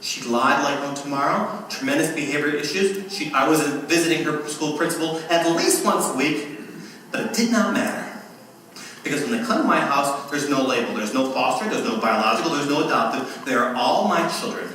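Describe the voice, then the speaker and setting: A man giving a keynote speech, telling personal stories in an animated way and acting out the voices. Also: fairly high pitch, brisk. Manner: animated storyteller who acts out voices. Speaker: keynote speaker. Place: event venue at a fundraiser. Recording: echoey hall, voice from far off, faint noise.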